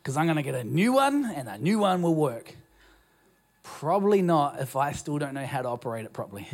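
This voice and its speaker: Speaking into a stage mic in a church auditorium, a New Zealand-accented pastor gives a sermon in a somewhat high male voice with big swings in pitch and a slightly quick pace. He keeps it loose and conversational, often restarting lines and making fun of himself.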